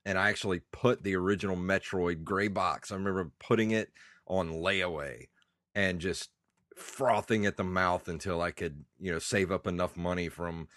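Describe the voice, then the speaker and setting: Podcast co-host, male, thirties, low voice, congested, rambling nostalgic chat, dry sound. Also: a bit bright, no echo. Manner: rambling, nostalgic, laughs often. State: congested, coughing. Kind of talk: casual chat.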